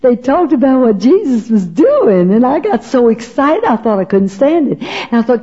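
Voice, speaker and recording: Older woman, folksy testimony, husky and warm, on a muffled old recording. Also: high-pitched, big pitch swings, moderate pace, hardly any pauses. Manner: folksy storyteller, often asks "you know what?". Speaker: speaker giving her testimony. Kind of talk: personal testimony to an audience. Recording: dull lo-fi recording.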